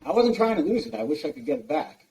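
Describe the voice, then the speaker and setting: A man's voice: on the high side, sing-song, fast talker, darkish tone, a little hiss or hum, rough recording. A man in his forties from New Jersey, a guest telling loose stories full of fillers and swearing in a casual interview. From United States, New Jersey. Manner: loose, profane storytelling with many fillers.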